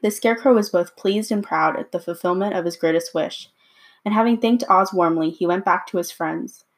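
A woman reading a storybook chapter aloud at a measured, unhurried pace with small slips. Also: fairly low pitch. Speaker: reader.

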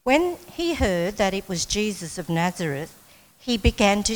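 A woman reading scripture aloud in a measured, careful way before a sermon. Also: mid-range voice, lively intonation, long reverb tail, poor audio. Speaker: scripture reader.

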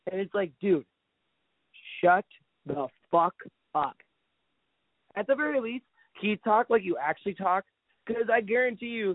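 A man with a high voice rants with heat and plenty of swearing in a casual sports talk. The sound is dry and narrow like a phone line. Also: no room sound. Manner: heated, profane ranting. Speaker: podcast co-host.

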